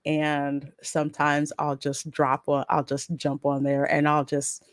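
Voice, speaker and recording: A woman hosting a casual pop culture podcast, opinionated and animated, often laughing. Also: sits low, measured pace, dry recording, clean studio sound. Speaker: podcast host.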